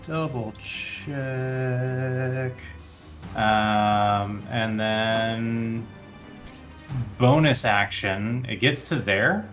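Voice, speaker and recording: A man running a tabletop game as game master, counting out the monster's moves in an unhurried way. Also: mid-range voice, steady tone, fairly bright tone, soft background music.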